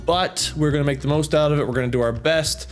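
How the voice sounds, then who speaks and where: A man's voice: fairly high pitch, fast, soft background music. A man in his thirties hosting a gaming channel, casually reading out viewer comments in a rambling, self-amused way. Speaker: YouTube gaming channel host.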